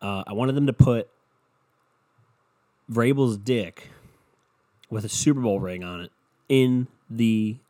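A man's voice: lowish voice, takes it slowly, long pauses, warm tone. A young man hosting his own podcast, ranting in a rambling, profane, worked-up way. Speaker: solo podcast host. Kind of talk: casual unscripted rant.

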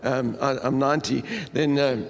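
A man's voice: mid-range voice, steady tone, moderate pace, vocal fry, in a large hall. An older man from Durban, a pastor opening a sermon in a jovial, rambling way and laughing often, tired from lack of sleep. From South Africa (Durban). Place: church hall.

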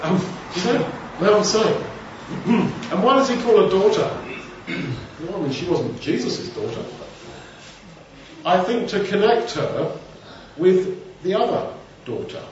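Speaking in a high, animated voice at a slightly slow pace, a man preaches an informal Bible lesson in a conversational, digressive way. There's a little hiss or hum, and the room is echoey, with a distant mic and dull sound.

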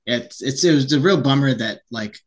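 A man's voice: mid-range voice, normal speed. A man co-hosting a podcast in casual chat, rambling and often restarting his sentences. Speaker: podcast co-host.

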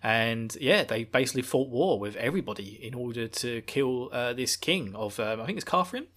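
Bright-voiced guy chatting thru a book recap, playful and laughing a lot. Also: medium pitch, a little fast. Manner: animated, laughing, playful storytelling. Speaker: book discussion host.

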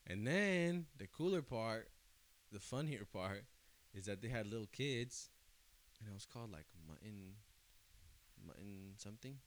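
A young man chatting casually, telling stories with lots of laughter and big swings between loud and quiet. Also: lowish voice, a little slow, pauses often. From California. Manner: animated storyteller, laughs often, swings loud and soft. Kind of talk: casual chat. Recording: faint hiss.

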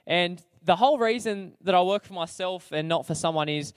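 A young man with an Australian accent tells his story casually, full of slang and fillers and laughing at himself. His voice sits a little high for a man, and the recording is dry, with no room sound. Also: a little fast, clean tone, dry recording. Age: young adult. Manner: chatty, slangy, self-deprecating, many fillers. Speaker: speaker sharing his testimony.

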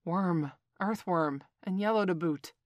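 Woman doing a proud, brisk male panther. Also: lowish voice, dry recording, natural voice. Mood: wry. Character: proud male black panther, quick and commanding.

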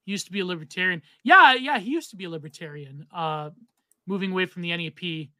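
Male podcast co-host, loose rambly chat, high-pitched, dry close sound. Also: fast talker, pushed and bright, dry recording. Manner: rambling, many fillers and restarts. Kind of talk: casual chat on a livestream.

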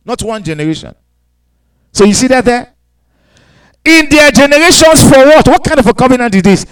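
A man's voice: extremely high pitch, lively intonation, a little fast, fairly bright tone, clean tone, poor audio. A man preaching a sermon, reading scripture aloud and breaking in with hallelujahs and questions to the congregation. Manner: asks the congregation questions, repeats phrases. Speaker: pastor.

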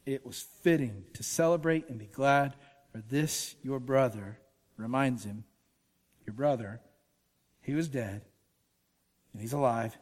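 A man preaching as a guest speaker, animated and emphatic, with casual asides. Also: medium pitch, measured pace, long pauses, big-room sound. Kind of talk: sermon. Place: church auditorium.

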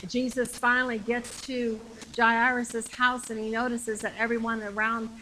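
A woman's voice: on the high side, bright, forceful tone, a little hiss or hum, poor audio. A middle-aged woman preaching a sermon in a conversational, emphatic way, repeating phrases to build up her point, with a congregation answering her.

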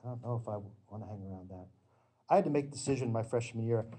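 A middle-aged man preaching a sermon with slides, in an earnest, emphatic storytelling manner that breaks into sudden loud bursts. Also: medium pitch, expressive, fast, husky.

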